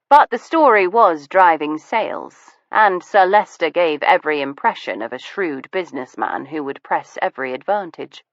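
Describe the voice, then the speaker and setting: A woman narrating an audiobook in an unhurried, even manner, in a dull, lo-fi recording. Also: deep voice, dry recording. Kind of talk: scripted narration.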